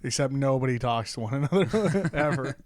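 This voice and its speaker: A man's voice: medium pitch, expressive, a little fast, darkish tone, no room sound. A man co-hosting a casual chat, laughing often and rambling through restarts. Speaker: podcast co-host. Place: apartment.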